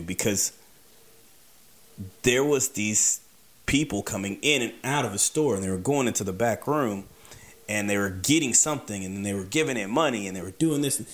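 A man with a slightly low voice recounts a personal story in an easy, conversational way. His delivery is wry, and he leans on repeated words for emphasis. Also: a bit bright. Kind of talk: casual personal anecdote.

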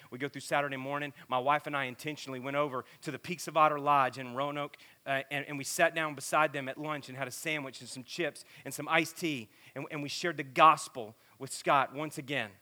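A man, preaching a sermon as an animated story, acting out the voices and swinging from hushed to loud. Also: mid-range voice, a little fast, few pauses.

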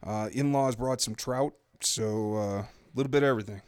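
A man with an American accent, a podcast guest in casual chat, easygoing and quick to laugh. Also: medium pitch, steady tone, darkish tone, no room sound. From United States.

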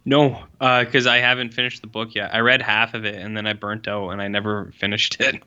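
A man's voice: on the low side, little pitch movement, a little fast, pushed and bright, clean tone, lo-fi sound. A young man co-hosting a podcast in casual chat, rambling with lots of fillers and sounding exasperated. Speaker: podcast co-host.

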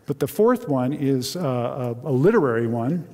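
A man's voice: medium pitch, lively intonation, moderate pace, dark tone. A man preaching a sermon in an earnest, openly moved way, reading a story and leading a prayer. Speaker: pastor. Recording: reverberant hall.

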